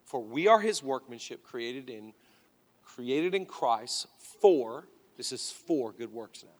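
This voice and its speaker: A male pastor preaching a sermon with fervent, rising exhortations that drop to quiet, emphatic passages. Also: mid-range voice, animated, slow pace. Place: church auditorium. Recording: reverberant large church hall.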